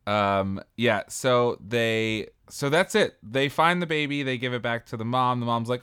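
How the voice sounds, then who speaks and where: A man's voice: mid-range voice, a little slow, few pauses, a bit bright, clean tone. A man co-hosting a casual podcast, recapping a TV episode with wry, profane asides. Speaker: podcast co-host.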